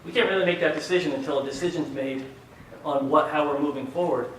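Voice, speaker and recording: A man presenting budget details at a public meeting in a measured, explanatory way. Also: a little high, slight background noise. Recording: very echoey hall, mic far off.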